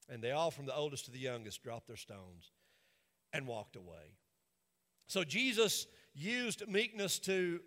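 A man preaching with a very high, bright, forceful voice and an emphatic, repetitive cadence. His words ring out with a long reverb, as in a large church sanctuary. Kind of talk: sermon.

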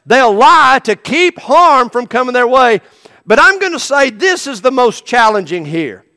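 A man's voice: extremely high pitch, very animated, a little slow, bright, forceful tone, long reverb tail. A man preaching a sermon in a folksy, emphatic storytelling manner.

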